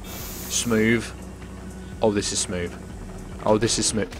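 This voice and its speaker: A young man giving excitable live commentary on his gameplay stream, joking with chat and swearing. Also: fairly low pitch, moderate pace, noisy background. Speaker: gaming streamer.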